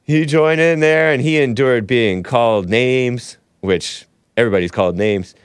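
A man's voice: mid-range voice, normal speed, smooth, no echo, clean studio sound. A man hosting a solo commentary stream, a little under the weather, talking in a rambling, sarcastic way with frequent asides. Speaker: talk show host.

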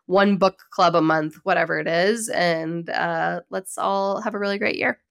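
Chatty woman podcast host. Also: lowish voice. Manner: animated, chatty storytelling with frequent laughter. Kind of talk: casual solo chat.

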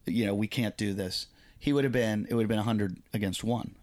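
A man's voice: fairly low pitch, brisk, a little mellow. A man, a comedian, telling a casual story on a podcast, acting out quoted voices and swearing freely.

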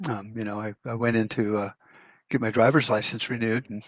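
A man's voice: fairly low pitch, little pitch movement, fairly quick, dry recording, highs cut off. A man hosting a prepper podcast, talking in a blunt, profane, rambling way with many restarts. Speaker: podcast host. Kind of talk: casual rant podcast.

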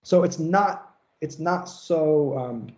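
A man's voice: a little high, slow, a little mellow, lo-fi sound. A man giving a casual seminar lecture, loose and profane, slipping into mocking rants to make a point. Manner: casual, swears freely, acts out mocking rants. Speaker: lecturer on psychoanalysis.

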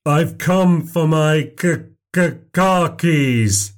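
A man's voice: fairly high pitch, pitched above the performer's own voice. A man doing a stuttering eerie male stranger. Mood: insistent. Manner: slow halting stutter on hard sounds.

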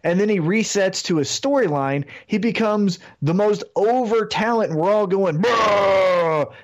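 A man's voice: sits high, normal speed, a little mellow, dull audio. A man co-hosting a wrestling podcast, ranting animatedly with plenty of swearing in casual chat. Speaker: podcast co-host.

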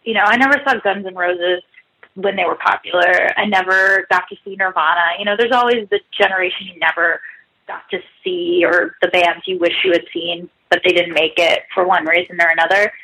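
A woman's voice: lowish voice, fairly even intonation, fairly quick, pushed and bright, breathy edge, low-quality recording. A woman guest writer in her thirties, chatting casually and self-mockingly, full of "like" and asides. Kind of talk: casual podcast interview.

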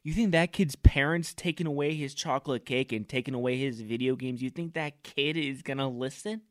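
A man hosting a comedy podcast, delivering a loud, fired-up, mock-pompous rant. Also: medium pitch, no room sound, clean studio sound. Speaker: podcast host. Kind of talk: comic ranting monologue.

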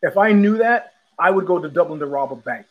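A man's voice: on the high side, lively intonation, fairly quick, lo-fi sound. A man hosting a podcast, telling a casual rambling story with many restarts and repetitions. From United States. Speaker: podcast host.

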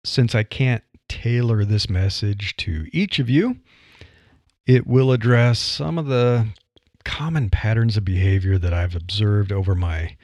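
A man's voice: fairly low pitch, measured pace, a little mellow, no echo. An older man from Nebraska with a Midwestern accent, hosting a solo podcast and speaking bluntly and wryly. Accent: Midwestern American. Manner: blunt, plain-spoken, wry. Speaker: podcast host. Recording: dry, slightly dull audio.

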